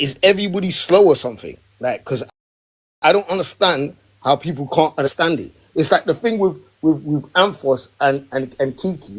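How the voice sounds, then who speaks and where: A man hosting a podcast live stream from home, ranting emphatically in casual chat and rising in pitch when worked up. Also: husky, poor audio. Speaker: podcast host. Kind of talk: heated casual rant.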